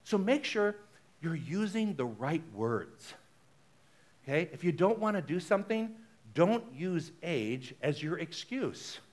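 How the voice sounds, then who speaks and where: Male minister, high voice, chatty conversational preaching, animated. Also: slow pace. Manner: chatty, frequently asks the congregation "right?"; animated, shifts between loud exclamations and soft asides. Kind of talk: conversational sermon.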